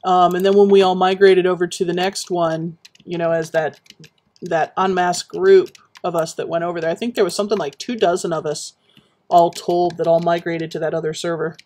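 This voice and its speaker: A woman's voice: fairly low pitch, flat delivery, normal speed, darkish tone. Woman, casual gaming chat, rambling, friendly, reminiscing, lots of fillers. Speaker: Minecraft streamer. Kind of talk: casual chat while building in a game.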